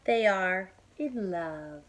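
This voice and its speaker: A calm, matter-of-fact pig from a picture book who answers every question simply and plainly. She speaks a little above the reader's own voice, as a woman reading aloud puts her on. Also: medium pitch, extremely slow, a little hiss or hum.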